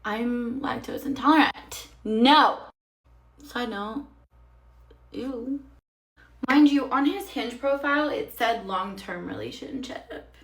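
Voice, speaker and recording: A candid young woman in her twenties tells a casual storytime, blunt and quick to swear. Her voice bounces around a roomy bathroom, and it sounds like the phone is propped a little way off from her. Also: a little high. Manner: candid and blunt, swears freely, voices other people's lines. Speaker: storytime creator. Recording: echoey room, mic at a distance.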